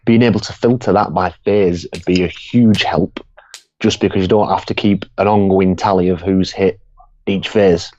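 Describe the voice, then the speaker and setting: A man on a live stream calmly suggesting improvements in a measured, thoughtful way. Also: sits low. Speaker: panelist on a game Q&A stream. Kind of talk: casual suggestion-giving. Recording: dry, dull lo-fi mic.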